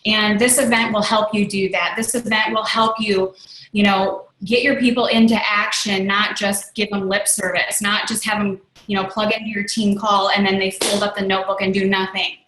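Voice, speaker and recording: A woman host speaking earnestly and warmly about personal growth to people on a call. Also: mid-range voice, flat delivery, moderate pace, echoey room, a little hiss or hum, poor audio. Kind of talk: motivational talk on a call.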